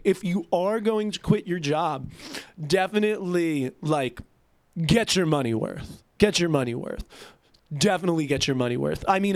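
A man with a high-pitched voice tells a story in a heated, profane, animated rant. His delivery is quick and punchy, with a dry, close sound and no room echo.

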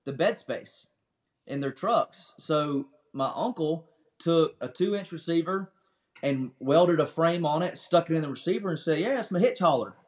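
A man's voice: fairly high pitch, a little slow, a little mellow. A young adult man talking in an easygoing, chatty way as a guest in a casual interview.

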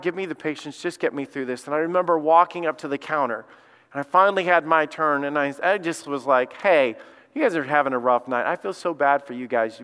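A man from Alabama with a clear, resonant voice on the high side preaches a sermon as lead pastor. He tells stories in a folksy way, his voice rising when he gets excited, and the recording carries long hall reverb.

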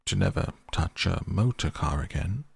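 A man with a deep, gravelly voice voicing a stern, solemn old male badger in a storybook reading, grave, firm and measured. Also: expressive, no room sound, full character voice.

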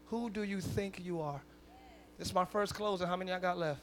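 A man preaching a sermon as pastor at a live church service, swinging from soft conversational asides to loud shouted declarations with call-and-response. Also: high-pitched, a little fast, slight background noise. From northern United States.

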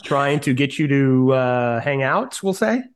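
A woman from California hosting a podcast, prompting her guest with quick sarcastic asides. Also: rumbling low, lively intonation, clear, resonant tone. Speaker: podcast host. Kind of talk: casual interview.

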